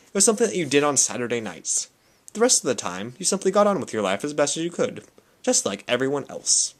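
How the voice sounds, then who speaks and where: A young man reading a novel aloud with expressive, animated storytelling. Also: on the high side. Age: young adult. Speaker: audiobook reader.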